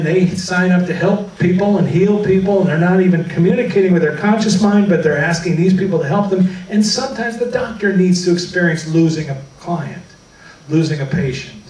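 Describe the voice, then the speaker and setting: Animated male speaker in echoey hall. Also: a little high, recorded from a distance. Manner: animated storytelling, acting out quoted dialogue. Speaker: author giving a talk. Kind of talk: public talk with personal anecdotes. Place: meeting hall before an audience.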